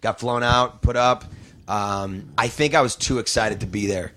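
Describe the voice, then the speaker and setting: A man, a comedian and guest, telling stories in casual podcast chat, animated and full of restarts. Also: medium pitch, moderate pace.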